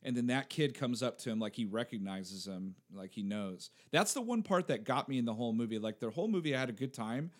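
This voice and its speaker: A man in his thirties talking over movies on a podcast. He tells his stories with animated energy, laughs often and swears freely. His voice sits at a middle pitch for a man. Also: a little fast, few pauses. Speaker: podcast co-host. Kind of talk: casual chat.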